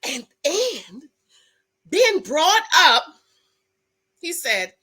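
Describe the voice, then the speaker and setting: A woman's voice: sits high, very animated, extremely slow, pushed and bright, low-quality recording. A middle-aged woman, chatting casually as a show recap host, emphatic and preachy, talking straight to her viewers. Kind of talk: casual chat.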